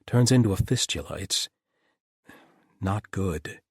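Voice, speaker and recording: A man's voice: low voice, lively intonation, slow pace, husky, dry recording, studio quality, full character voice. A man voicing a blunt, exasperated male doctor who talks frankly and rants.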